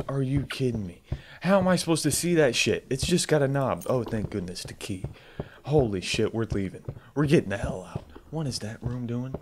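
A man playing a horror game on camera, swearing often and yelping loudly when startled. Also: mid-range voice. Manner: swears a lot, bursts into loud startled yelps. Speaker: let's play gamer.

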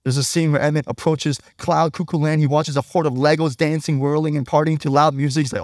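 A male pastor delivers a sermon in a relaxed, conversational tone, often turning to the congregation with a quick "right?" His voice sits fairly high for a man. The recording is dry and close, with no room echo.

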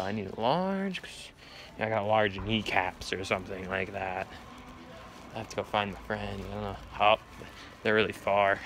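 A man's voice: lowish voice, creaky, background noise. A young man filming a casual vlog with friends, joking, laughing and swearing. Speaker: vlogger. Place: shops and a park at night.

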